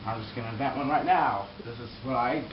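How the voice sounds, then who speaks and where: A man's voice: mid-range voice, brisk, lo-fi sound, noisy background, natural voice. A man playing a boastful, crude pro scooter rider in a mock interview comedy sketch, rambling and bragging.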